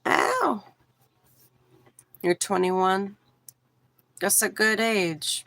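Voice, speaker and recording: A woman's voice: mid-range voice, extremely slow, gravelly, no echo, low-quality recording. A woman in her forties from Texas, chatting casually with viewers on her livestream. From Houston, Texas. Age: 40s. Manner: relaxed, chatty, talks straight to chat. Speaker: livestream host.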